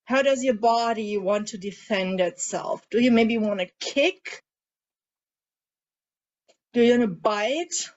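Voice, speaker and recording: A woman coach guiding a group tapping session in a calm way, asking the group questions as she leads them. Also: on the high side, takes it slowly, long pauses. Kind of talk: guided coaching instruction. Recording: dull lo-fi audio.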